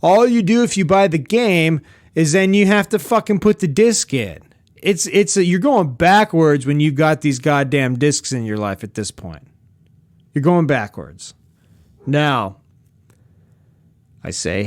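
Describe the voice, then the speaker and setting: A young man with a slightly high voice tells a comedic story on his podcast. He rambles and swears freely, and he drops sarcastic asides as he goes. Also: lively intonation, measured pace. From Pacific Northwest of the US. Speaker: podcast host. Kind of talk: casual comedic storytelling monologue.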